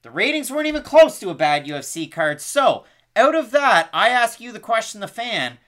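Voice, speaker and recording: A man's voice: sits high, sing-song, moderate pace, fairly bright tone. Upbeat man co-hosting a fight podcast. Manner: upbeat promotional, quizzes the audience. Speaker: podcast co-host. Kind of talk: casual sports chat.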